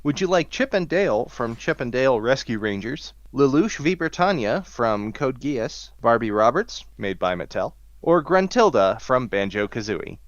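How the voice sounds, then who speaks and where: Guy hosting a game with friends, lively up and down voice, muffled mic. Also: mid-range voice, moderate pace, hardly any pauses, dry recording. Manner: lively, offering choices in a list-like patter. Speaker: game host. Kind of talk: casual game-show banter.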